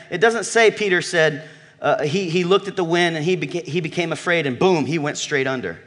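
A man's voice: lively intonation, moderate pace. Man preaching with dramatic swings. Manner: emphatic preaching, swings from loud calls to low murmurs; asks the congregation questions. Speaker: pastor. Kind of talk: sermon.

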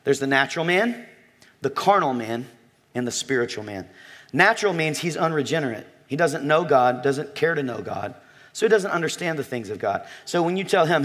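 A man preaching a sermon to a congregation, animated and joking, telling a story and talking directly to his listeners. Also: on the high side, brisk. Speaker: pastor.

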